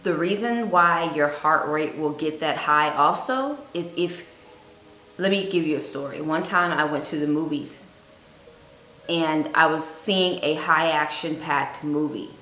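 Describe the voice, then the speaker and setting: A woman giving earnest fasting advice on her vlog, telling a personal story and repeating points for emphasis. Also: sits low, fairly bright tone. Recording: echoey room with faint music.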